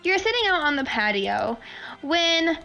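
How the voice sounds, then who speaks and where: Brief: woman game master, high and animated, slow, chatty narration full of fillers. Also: creaky, faint music behind, low-quality recording. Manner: rambling, full of "like" fillers, laughs often.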